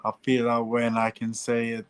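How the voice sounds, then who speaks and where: A man in his forties with a Jamaican accent, talking casually as an interview guest, halting and often repeating "you know". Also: mid-range voice, completely flat delivery, clean tone, rough recording. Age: 40s. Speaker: guest, former heavyweight boxer.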